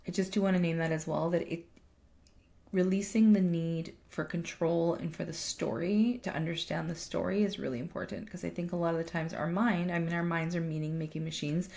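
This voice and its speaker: Gravelly-voiced woman coach talking casually. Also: fairly low pitch, fairly even intonation, moderate pace, darkish tone. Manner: emphatic, swears freely, restarts sentences. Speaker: life coach and podcast co-host. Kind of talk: casual chat.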